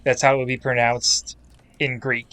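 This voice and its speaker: A man's voice: medium pitch, flat delivery, moderate pace, sharp tone. A man hosting a casual podcast, explaining things with a wry, dry humor. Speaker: podcast host.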